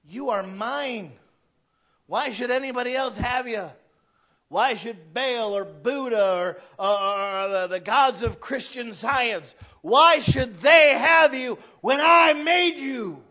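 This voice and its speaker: A man voicing a jealous, possessive God who makes slow, swelling, emphatic claims. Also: very high-pitched, sharp tone, lo-fi sound, pitched above the performer's own voice, exaggerated voice.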